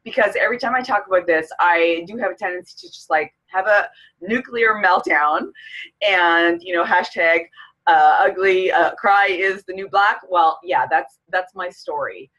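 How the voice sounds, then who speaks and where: A woman's voice: on the low side, moderate pace, fairly bright tone, rough recording. A middle-aged woman from Canada, a fitness coach, talking openly to camera in a personal vlog, emotional and close to tears. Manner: emotional, tearful, candid.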